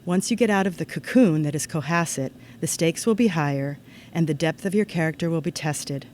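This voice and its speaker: A woman giving a formal ceremony address to students, in an earnest, measured way that turns lively when she tells a story. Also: deep voice, a little hiss or hum. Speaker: ceremony speaker. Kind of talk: formal commencement-style address.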